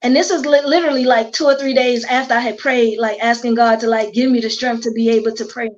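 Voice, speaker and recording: A woman with a Baltimore accent, a hair stylist guest chatting casually and telling stories with animated quoted dialogue. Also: on the high side, quick pace, highs cut off. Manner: animated storyteller, quotes herself and others. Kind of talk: casual chat.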